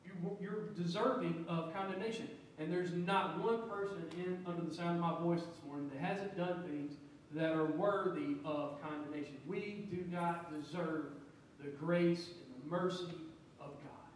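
A man's voice: a little high, fairly even intonation, normal speed, slight background noise. A man preaching a sermon as pastor, stressing his points with repeated words and frequent amens. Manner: preaching with emphatic repetitions and amens. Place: church sanctuary. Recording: echoey church from a distance.

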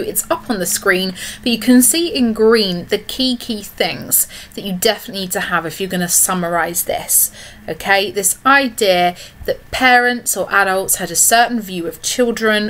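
Female teacher, video lesson narration, steady explanatory delivery, often checks in with "okay". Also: mid-range voice, slight background noise. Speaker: English literature teacher. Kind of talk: recorded online lesson.

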